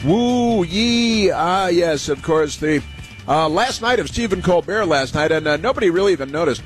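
A man's voice: on the high side, expressive, fairly quick, music in the background. A man hosting a talk radio show, delivering a rambling political monologue full of uhs, sarcastic and scornful.

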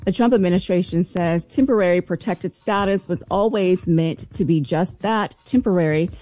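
A woman giving a news report on a radio talk show, measured and with a few fillers. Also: on the low side, warm tone, no room sound.

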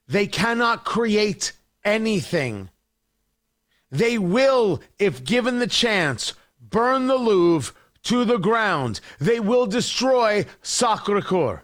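A man's voice: high-pitched, sing-song, slow, fairly bright tone. A man hosting a talk radio show, delivering a combative, mocking political monologue.

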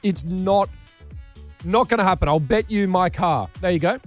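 A man's voice: sits high, moderate pace, faint music behind. A man with an Australian accent hosting a radio show, teasing his co-hosts in casual banter. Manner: teasing, jokey. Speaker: radio host. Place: radio studio.

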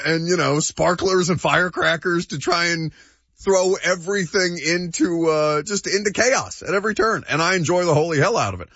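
Husky-voiced man debating sports. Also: fairly high pitch, moderate pace, a bit bright, dry recording, highs cut off. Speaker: sports talk show co-host.

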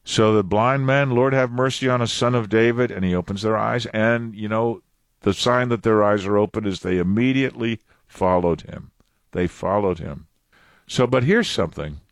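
A man's voice: on the low side, moderate pace, no echo, studio quality. A man preaching a Bible sermon, repeating and stressing phrases as he explains the text.

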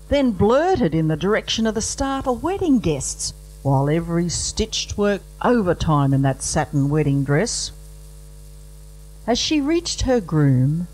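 Unhurried Aussie bush poet, dry comic verse, heavy slang. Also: male voice, high voice, poor audio. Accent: Australian. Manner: dry, rhythmic storytelling with broad slang. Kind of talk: comic bush poetry recital.

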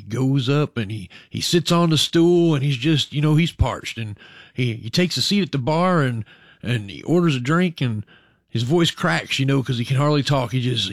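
A man's voice: medium pitch, no echo, clean studio sound. A man hosting a radio music show, chatting folksily to his listeners and rambling through a joke. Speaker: radio host.

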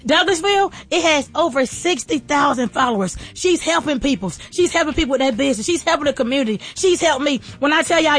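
A woman giving an emotional, preachy motivational talk, teary and repeating herself as she builds to shouts. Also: sits high. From Atlanta area. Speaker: restaurant owner.

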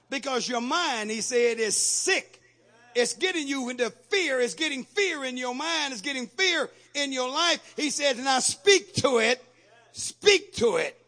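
A man preaching a sermon to his congregation, repeating phrases, asking the crowd questions and shouting out lines. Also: extremely high pitch. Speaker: pastor.

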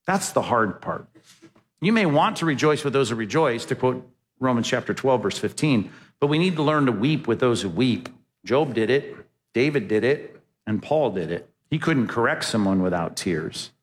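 A man preaching a sermon from the pulpit, talking to the congregation in a casual, conversational way. He throws out rhetorical questions and leans hard into the lines he quotes. His mid-pitched voice rings with the long reverb of a large church hall. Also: animated, normal speed. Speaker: pastor.

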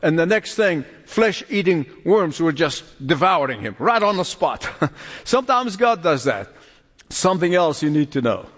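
Emphatic preacher with a lively high voice. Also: male voice, unhurried, long reverb tail. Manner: emphatic preaching with frequent chuckles and repeated phrases. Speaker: pastor. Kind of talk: sermon.

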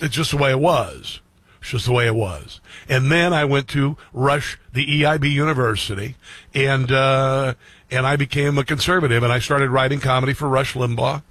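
Husky middle-aged male talk host. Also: mid-range voice, a bit bright, dry recording. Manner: earnest, conversational, repeats phrases for emphasis. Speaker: radio and streaming talk show host. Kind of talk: personal monologue to listeners.

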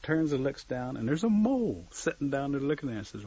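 Lively slightly husky male storyteller. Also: mid-range voice, fast, hardly any pauses. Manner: lively, acts out voices, aside jokes. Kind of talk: oral folk storytelling. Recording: dull lo-fi recording.

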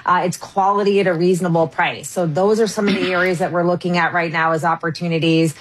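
A woman investment strategist talks as a radio guest in a measured, polite way, now and then poking fun at herself. Her voice sits fairly low. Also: fairly even intonation, slight background noise, poor audio. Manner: measured, polite, lightly self-deprecating. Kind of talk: radio interview.

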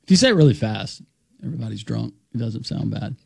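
Gravelly, husky male radio host. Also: medium pitch, lively intonation, quick pace, dry recording, clean studio sound. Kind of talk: casual radio talk show banter.

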